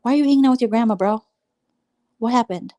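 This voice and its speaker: On her casual late-night livestream, a woman gossips and rambles sarcastically, mimicking others in high, squeaky voices to mock them. Her voice is mellow and quick-paced, with no room sound.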